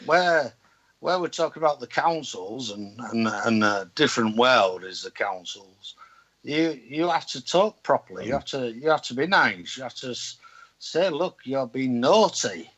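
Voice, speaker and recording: A man's voice: medium pitch, expressive, normal speed, a bit bright, lo-fi sound. A man with a Hull accent in casual conversation, speaking bluntly and outspokenly. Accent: Hull, Yorkshire. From Hull, England. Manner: blunt, outspoken, swearing freely. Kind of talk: casual chat.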